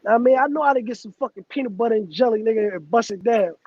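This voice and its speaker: Host, male, very high pitch, loose profane banter, dull dry recording. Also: fast talker, no echo. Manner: loose, profane street talk, laughs often. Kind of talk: casual chat.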